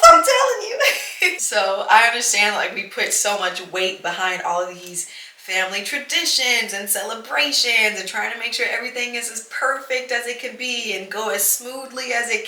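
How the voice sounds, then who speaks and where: Young woman, podcast host, earnest and reassuring, bright voice, echoey room. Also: mid-range voice. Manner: earnest, reassuring, fills speech with "like" and "you know". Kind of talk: casual heartfelt monologue.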